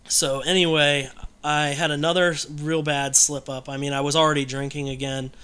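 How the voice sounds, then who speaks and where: A man's voice: on the high side, little pitch movement, moderate pace, pushed and bright, clear, resonant tone. A man telling his own story in casual conversation, candid and rambling, with many fillers and restarts.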